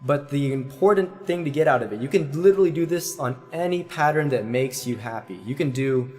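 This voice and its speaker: A man's voice: medium pitch, brisk, a little mellow. A man giving a singing lesson, explaining at length and breaking into short sung demonstration syllables. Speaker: voice teacher.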